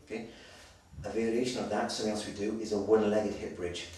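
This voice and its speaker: Slightly breathless fitness coach in echoey hall. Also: male voice, fairly low pitch, fairly even intonation, a little mellow. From Wales. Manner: brisk, direct coaching with frequent "okay?" check-ins. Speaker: personal trainer. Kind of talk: exercise demonstration instruction. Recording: very echoey, distant, noisy room sound.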